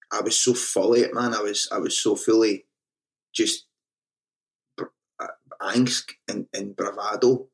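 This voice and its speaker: A Scottish band frontman tells stories in a casual interview, his lowish voice carrying vocal fry. He swears freely, mocks himself, and often restarts his sentences.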